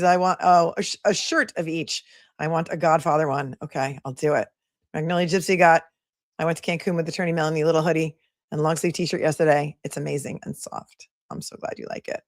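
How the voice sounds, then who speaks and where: A woman's voice: lowish voice, dry recording, clean studio sound. A woman attorney hosting a casual livestream, reading viewer messages aloud and thanking them in a chatty, affectionate way.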